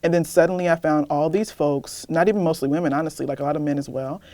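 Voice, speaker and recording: A young woman poet, candid and animated, talking about her reading life in an interview and then reading her poem aloud. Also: low-pitched, fast talker, no room sound. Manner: candid, animated, laughs often. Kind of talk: casual interview chat, then poetry reading.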